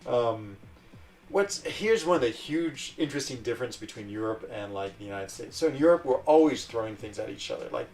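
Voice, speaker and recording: A man's voice: medium pitch, lively intonation, brisk, darkish tone, distant mic, slight background noise. Rambling, laugh-prone male streamer. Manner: rambling, chatty, laughs often. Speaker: livestream host. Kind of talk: casual livestream chat.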